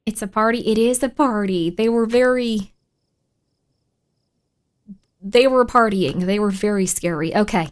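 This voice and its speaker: A woman streaming a spooky game, chatting playfully with viewers, dropping to whispers while searching and bursting into excited shouts. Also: mid-range voice, measured pace, pauses often. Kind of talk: casual live-stream gaming chat.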